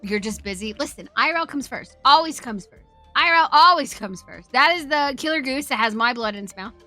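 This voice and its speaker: A woman's voice: high voice, expressive, a little fast, bright, forceful tone, soft background music. A woman streamer telling a story in casual chat, talking freely, swearing often and laughing as she goes.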